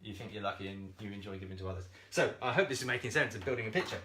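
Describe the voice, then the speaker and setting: A man coaching viewers on a live stream, animated and talking straight to them, swearing freely and laughing often. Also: lowish voice, racing. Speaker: self-esteem coach.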